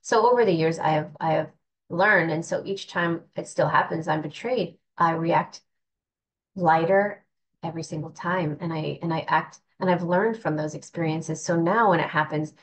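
A woman's voice: sits low, moderate pace, a little hiss or hum, rough recording. A woman giving an earnest, reflective spiritual talk in a casual, conversational way, often restarting her sentences. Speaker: spiritual teacher.

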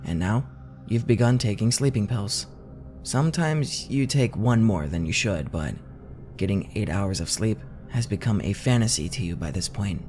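A man giving scripted second-person horror narration in a measured, tense way. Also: lowish voice, animated, a little mellow, soft background music.

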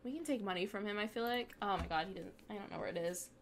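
A woman's voice: mid-range voice, quick pace, slight background noise. A young woman hosting a gaming video, casually commenting on her play and scolding the game characters as she goes. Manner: chatty, talks back at the game characters.

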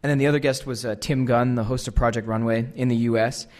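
An American man in his thirties tells a funny story about himself at a mid-range pitch. He is lively and pokes fun at himself, and he slips into the voices of the people in the story as he goes. It is relaxed stage storytelling for a live crowd. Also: fast. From United States. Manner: animated, self-deprecating, acts out the dialogue. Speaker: guest speaker. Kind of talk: comic storytelling to a live audience.

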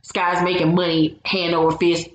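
A woman's voice: lowish voice, little pitch movement, moderate pace. Blunt woman recapping in a roomy space. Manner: blunt, opinionated, salty language. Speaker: show recap host. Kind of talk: casual reality-show recap. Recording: roomy echo, faint background hum.

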